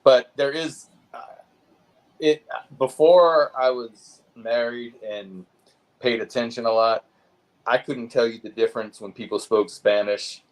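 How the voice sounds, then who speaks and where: A man's voice: mid-range voice, measured pace. A man chatting casually, thoughtful and hesitant, with many fillers as he speaks. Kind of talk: casual chat.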